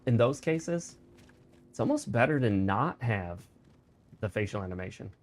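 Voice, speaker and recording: A male gaming streamer talks through his play session in a loose, chatty way. He explains mechanics and offers opinions at a medium pitch into a desk mic. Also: very animated, normal speed. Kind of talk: casual let's-play commentary.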